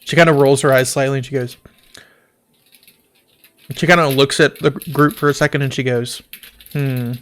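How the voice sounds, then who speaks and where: A man's voice: mid-range voice, fairly even intonation, a little fast, pauses often, fairly bright tone. A man narrating a tabletop game as game master, playful and laughing often.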